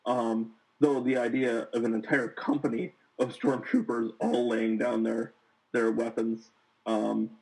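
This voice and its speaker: Man, gravelly fry, mid pitch, hesitant, casual review chat. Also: level tone, a little slow, darkish tone, poor audio. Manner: hesitant, many restarts and fillers.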